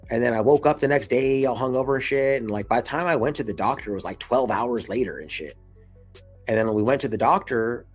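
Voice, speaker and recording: Showing off his scars on a camera mic, a young vlogger in his twenties spins a laid-back story full of swearing and "dude" and "bro," switching to a much higher, excited voice whenever he quotes someone.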